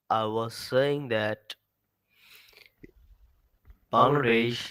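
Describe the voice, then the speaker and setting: Slow, halting man calling in. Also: medium pitch, fairly bright tone, poor audio. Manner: halting, restarts and asks if he can be heard. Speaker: call-in guest. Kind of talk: casual remote call-in chat.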